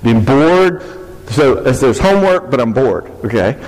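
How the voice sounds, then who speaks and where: Lively man teaching in a reverberant hall. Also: mid-range voice, measured pace. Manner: lively, joking, asks the audience questions. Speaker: speaker on faith and marriage. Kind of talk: church teaching talk.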